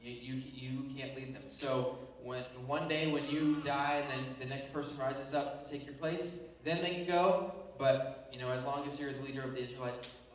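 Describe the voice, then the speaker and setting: Animated man teaching a Bible lesson. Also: mid-range voice, normal speed, slight background noise. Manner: animated, playful storytelling with frequent check-ins. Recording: echoey room, voice from far off.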